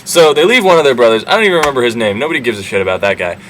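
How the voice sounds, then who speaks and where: A man's voice: mid-range voice, big pitch swings, very fast, a bit bright, a little hiss or hum, poor audio. A young man casually retelling an old story for laughs, irreverent and full of fillers. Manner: irreverent, swearing, lots of fillers. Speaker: comedic storyteller.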